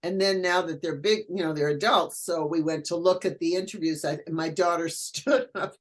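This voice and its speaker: An older woman who is a guest educator, chatting casually in an interview and telling animated stories. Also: on the low side, moderate pace. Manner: animated storyteller, acts out quoted voices.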